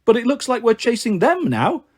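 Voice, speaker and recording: A man's voice: extremely high pitch, wildly swooping pitch, normal speed, a little mellow, husky, voice pushed up, heavily acted. A man voicing silly female sheep in a storybook, echoing each other in chirpy repetition.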